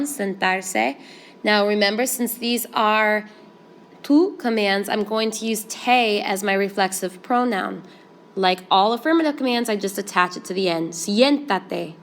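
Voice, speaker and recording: A woman teaching a Spanish grammar lesson, explaining each step in a clear, steady way. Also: medium pitch.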